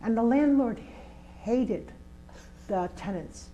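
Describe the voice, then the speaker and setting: A woman's voice: a little high, slow, warm tone, lo-fi sound, a little hiss or hum. An older woman, a community organizer, telling a personal story in an interview with vivid, emphatic delivery. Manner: vivid, emphatic storyteller who acts out scenes.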